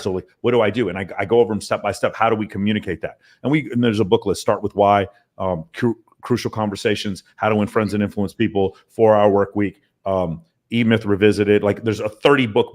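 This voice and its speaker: Low-voiced man, blunt and emphatic. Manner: emphatic, profane, talks in long runs. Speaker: podcast guest, mentoring business owner. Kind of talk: casual podcast interview.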